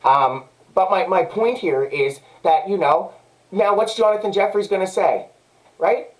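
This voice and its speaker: Agitated high-voiced Canadian man ranting. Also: unhurried, poor audio. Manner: agitated, repetitive, profane. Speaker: vlogger. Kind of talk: angry personal monologue.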